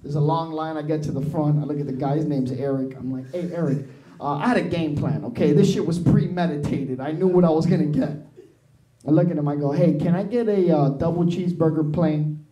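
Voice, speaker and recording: A man's voice: on the high side, brisk, warm tone, highs cut off. A young man doing a brash, profane stand-up comedy set, dropping into Spanish. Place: small improv theatre stage. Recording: roomy live club recording with crowd.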